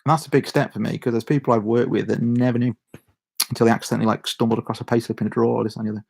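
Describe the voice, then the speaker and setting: Gravelly rambling Shropshire man. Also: medium pitch, fairly even intonation, rapid-fire. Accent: Shropshire English. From Shropshire, England. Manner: rambling, self-interrupting, chuckles a lot. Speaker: YouTuber. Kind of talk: casual chat to camera.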